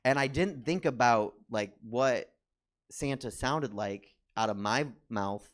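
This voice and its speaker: A man's voice: medium pitch, takes it slowly. Rambling young man doing stand-up. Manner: rambling, filler-heavy with constant "like". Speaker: stand-up comedian and drag performer. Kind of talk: stand-up comedy set. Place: comedy theater stage.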